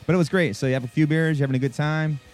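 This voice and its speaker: A man's voice: a little high, fairly even intonation, racing. A man co-hosting a podcast, rambling through a story in casual chat and laughing easily, with faint rock music playing behind him. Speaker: podcast co-host.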